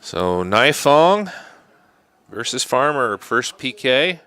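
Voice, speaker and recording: A man giving live play-by-play commentary on a youth soccer shootout, unhurried and sometimes hushed. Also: medium pitch, very animated. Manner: unhurried, drops to a hushed whisper during tense kicks. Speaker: sports commentator.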